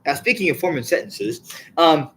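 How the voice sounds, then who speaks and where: A man hosting a casual podcast chat, asking rapid questions with many restarts. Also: fairly high pitch, very animated, a little hiss or hum, poor audio. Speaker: podcast host.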